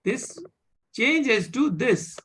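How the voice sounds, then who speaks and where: A teacher with an Indian accent giving a live online French class, speaking slowly, repeating words and checking with "right?". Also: medium pitch, expressive, fairly bright tone, slightly rough. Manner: slow, repeats words, asks "right?" often.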